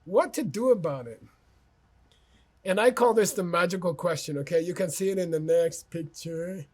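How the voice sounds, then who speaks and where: A man's voice: high-pitched, normal speed. A man teaching an online course in a conversational manner, telling anecdotes about himself and often checking in with "okay?" and "you know".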